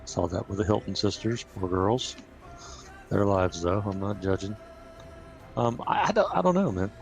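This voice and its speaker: A man chatting casually on a gaming stream, laid-back and quick to laugh, thinking aloud as he talks. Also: on the low side, lively intonation, creaky, soft background music. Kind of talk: casual chat.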